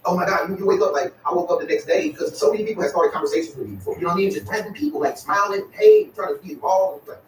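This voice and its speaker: A man's voice: high voice, very fast, hardly any pauses, roomy sound, far from the mic, a little hiss or hum, poor audio. A man, talking casually to his viewers in a rambling way, full of "y'all" and "you know what I'm saying.". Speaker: vlogger.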